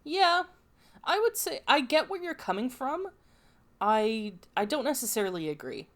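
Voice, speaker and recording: A woman's voice: high voice, very animated, normal speed. A woman co-hosting a podcast in casual chat, agreeable and often chiming in with short replies. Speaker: podcast co-host.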